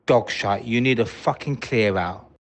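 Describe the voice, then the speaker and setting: An angry man leaving a ranting voice message as a football fan, swearing and shouting in bursts. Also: lowish voice, measured pace, over loud music. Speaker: fan caller.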